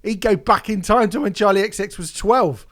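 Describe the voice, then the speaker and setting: A man co-hosting an album review chat, sweary and animated, ranting about the music. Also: sits high, moderate pace. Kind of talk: casual chat.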